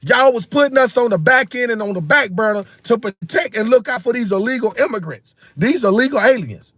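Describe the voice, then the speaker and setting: A man's voice: very high-pitched, animated, fairly quick, fairly bright tone, dry recording. A man, hosting a political commentary livestream. He rants heatedly, repeats himself, and keeps calling his viewers "bro" and "man.". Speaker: political commentary channel host.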